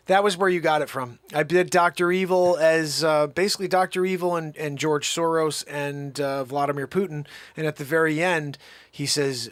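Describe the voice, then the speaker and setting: A man hosting a casual chat in a playful, animated way. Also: a little high, normal speed, no echo. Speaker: host.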